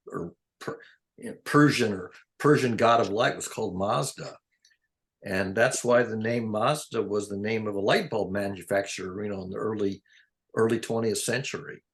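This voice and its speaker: A man's voice: medium pitch, fairly bright tone. Rambling older man in casual chat. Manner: rambling, digressive, chuckles often. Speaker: conversation partner.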